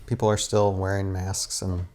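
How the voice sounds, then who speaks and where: A man's voice: low voice, little pitch movement, moderate pace, a little mellow. A man, a guest and stop-motion animator, chatting casually indoors, rambling with lots of restarts and little rants. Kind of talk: casual chat. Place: indoors, sitting on a futon.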